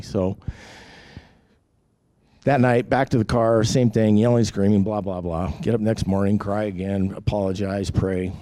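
Guy with a lowish voice rambling through his own story, lots of ums and restarts, dry close sound. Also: warm tone, no echo. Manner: rambling, candid, heavy with fillers and restarts. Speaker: testimony speaker. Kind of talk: personal testimony storytelling.

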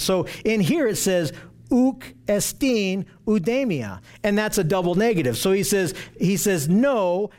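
Man, high voice, Bible teaching, emphatic, repeats phrases for stress. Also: a little mellow.

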